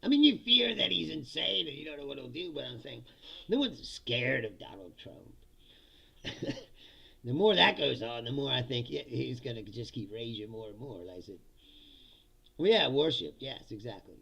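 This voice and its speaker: A man's voice: medium pitch, lively intonation, moderate pace, gravelly, fairly bright tone, husky. A man hosting a political comedy show, ranting sarcastically and with lots of swearing in casual livestream commentary while reading out chat comments.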